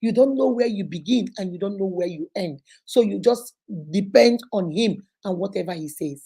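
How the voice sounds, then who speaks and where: A woman's voice: medium pitch, lively intonation, moderate pace, warm tone, slightly rough. A woman hosting a live motivational talk, speaking emphatically and repeating her points. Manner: emphatic, preachy, repetitive. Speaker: host.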